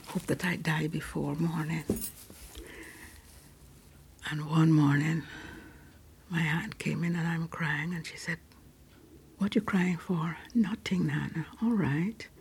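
A woman around ninety from Guyana, a lay preacher telling her life story softly, often dropping to a whisper, in a large cathedral. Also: deep voice, measured pace, gravelly, long pauses, a little hiss or hum. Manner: soft-spoken, often sinking to a whisper. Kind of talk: personal storytelling.

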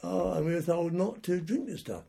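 Gravelly, raspy old man telling war stories. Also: sits high, normal speed, warm tone. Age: older. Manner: rambling anecdotal telling with restarts. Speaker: war veteran interviewee. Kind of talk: oral history storytelling.

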